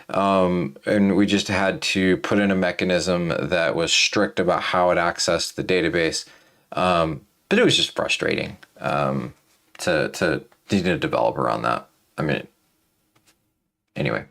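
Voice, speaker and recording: A man with a very low voice talks through a coding tutorial in a loose, rambling way. He sounds tired, and his sentences are full of fillers, restarts and asides. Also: normal speed, vocal fry, a bit bright. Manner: rambling, thinking aloud with many fillers and restarts. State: tired, yawning. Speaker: programming tutorial host. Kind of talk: casual coding walkthrough.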